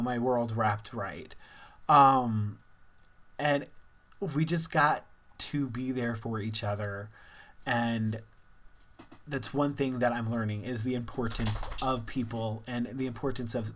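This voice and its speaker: A young man from Missouri talks candidly in a casual personal vlog, rambling and laughing now and then. His mid-range voice is a bit bright.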